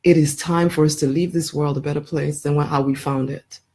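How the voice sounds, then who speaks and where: Speaking with a low, warm, steady voice that runs a little fast and carries a breathy edge, a woman life coach gives an emphatic promotional talk on live video. She repeats her points, calls the listener honey, and laughs frequently between phrases.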